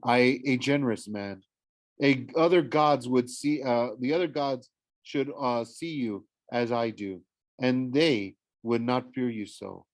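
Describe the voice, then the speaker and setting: A man reading aloud, voicing a calm, elegant mother with an Italian accent who speaks softly and low. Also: measured pace, no echo, close to an everyday voice. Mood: calm firm.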